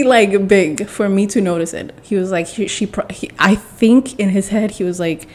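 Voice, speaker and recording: A woman's voice: mid-range voice, normal speed, few pauses, darkish tone. A young woman with a mixed accent, telling a rambling, blunt story to camera in a casual vlog. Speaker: vlogger.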